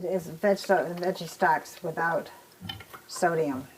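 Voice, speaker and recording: A woman's voice: on the low side, fairly even intonation, takes it slowly, low-quality recording. A woman co-hosting a cooking show in a home kitchen, chiming in with enthusiastic asides. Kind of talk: casual cooking demonstration.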